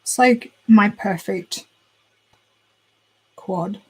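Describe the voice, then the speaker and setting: A young woman with a slightly husky voice chats about new beauty releases. She gushes and thinks out loud as she browses, and her voice sits at an everyday middle pitch. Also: extremely slow, rough recording. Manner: chatty, gushing, thinks aloud while browsing. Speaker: beauty channel host. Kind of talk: casual chat.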